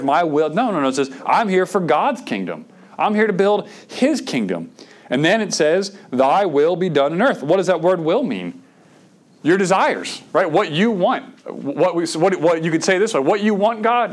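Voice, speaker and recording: A middle-aged man, preaching a sermon in a conversational way, with stammered restarts and bursts of emphasis. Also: a little high. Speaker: pastor.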